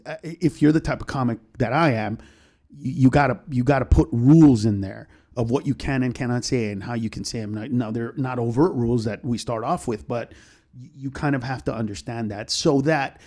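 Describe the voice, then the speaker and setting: A male comedian talking as a guest in a casual podcast interview, telling stories animatedly and swearing freely. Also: mid-range voice. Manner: animated storyteller, acts out other people's voices.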